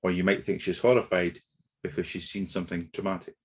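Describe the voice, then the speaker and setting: A man leads a negotiation training webinar, speaking in a low, slightly husky voice. He explains concepts steadily and methodically, with the odd filler as he goes. It sounds like a computer mic on a video call. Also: level tone. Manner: measured explanatory delivery with occasional fillers. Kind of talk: webinar lecture.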